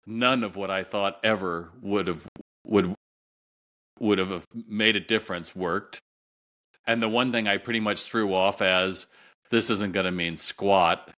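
A man's voice: lowish voice, fairly bright tone. A middle-aged man, a guest retail consultant, telling a long story in an interview and acting out the voices of the people in it.

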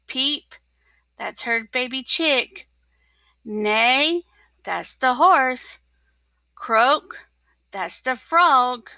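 A woman, a teacher, reading a picture book aloud to children, slowly and expressively with whispered asides. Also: high-pitched, expressive, bright, forceful tone, dry recording.

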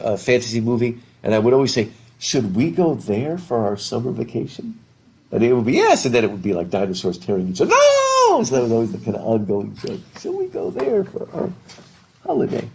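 A middle-aged man lectures a live class, his voice slightly husky and breathy. He rambles and often trips over repeated words, breaking off to put questions to the students. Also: lowish voice, a little mellow. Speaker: literature professor. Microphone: worn mic while masked.

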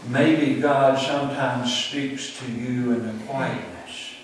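A male preacher delivers a sermon at an unhurried, measured pace, pausing between phrases for effect. His voice carries through a strongly reverberant room, picked up from some distance by the mic. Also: medium pitch, fairly even intonation, slight background noise. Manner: slow, deliberate storytelling with dramatic pauses. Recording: very echoey room, distant mic, faint ambience.

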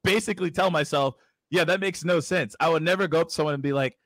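A man with a slightly high voice coaches a sales crowd at a quick, excited clip. He laughs often and talks straight to the audience. The sound is dry and close, with no room in it. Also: no room sound. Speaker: webinar host. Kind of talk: energetic sales coaching talk.

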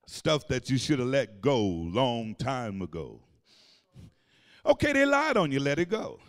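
A male pastor preaching a sermon, calling out to the congregation and breaking into shouted and sung phrases. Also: mid-range voice, huge pitch swings, a little slow, in a large hall. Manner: call-and-response preaching, shouting and singing phrases. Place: church sanctuary.

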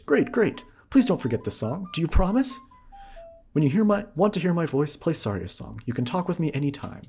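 A man voicing a gentle, friendly young girl of the forest, reading her lines sweetly and earnestly. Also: a little high, very animated, fairly quick, vocal fry, faint music behind, pitched above the performer's own voice.

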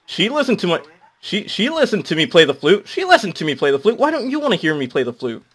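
A young man with a high, bright voice that swings wildly in pitch. He rambles through comedic gameplay commentary, sounding nervous and self-mocking, and often breaks into shrill shouting. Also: sing-song, quick pace, slightly rough. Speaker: gamer.

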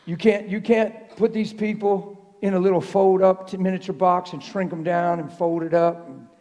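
A man preaching a sermon to a congregation, telling stories in an animated way that drops to a hush and rises to shouts. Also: high-pitched, normal speed. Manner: animated, swings from hushed to shouting. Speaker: traveling preacher. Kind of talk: sermon with storytelling. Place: church sanctuary. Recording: live church hall reverb.

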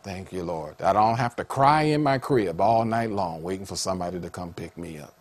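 A man a sermon in an animated way, laughing often and rising to high excited calls. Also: fairly quick. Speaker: preacher.

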